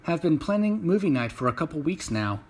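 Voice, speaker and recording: A man's voice: on the high side, big pitch swings, a little fast, darkish tone, husky, pitched above the performer's own voice, heavily acted. A man voicing a blunt, skeptical female astrophysicist in his own plain voice.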